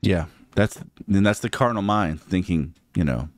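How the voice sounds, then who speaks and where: A man's voice: low-pitched, moderate pace, dry recording, clean studio sound. A man hosting a casual Bible podcast who talks with enthusiasm and a preachy tone and affirms his points again and again. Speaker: podcast host.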